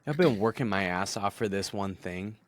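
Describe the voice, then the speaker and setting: A man's voice: fairly low pitch, lively intonation, normal speed, no echo. A man co-hosting a podcast, ranting in a fired-up, swearing casual way. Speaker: podcast co-host.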